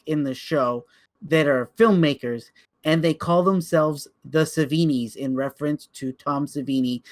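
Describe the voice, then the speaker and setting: Male co-host with a high voice; excitable storyteller who tumbles over his words. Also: unhurried. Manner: excited storyteller, repeats words when speeding up. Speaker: podcast co-host. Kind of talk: casual podcast chat.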